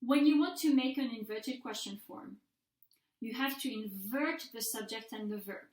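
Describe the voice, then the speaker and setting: A woman language teacher records a mini-lecture for her students, explaining step by step and saying each example sentence aloud. Her voice sits a little high. The room around her rings with a noticeable echo. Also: normal speed, darkish tone. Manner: patient, methodical, models example sentences aloud. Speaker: French language instructor. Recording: echoey room.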